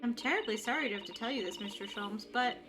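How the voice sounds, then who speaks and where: A woman voicing a courteous young female assistant from a game, speaking quickly and softly over game music. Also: a little high, natural voice. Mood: apologetic.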